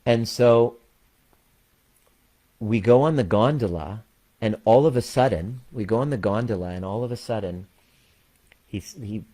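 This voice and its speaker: A man with a very low voice speaks candidly to his community, telling a story in plain words and swearing freely. He slows down to stress his main points, like a coach talking straight to his members. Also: dark tone. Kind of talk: personal story and address to a community.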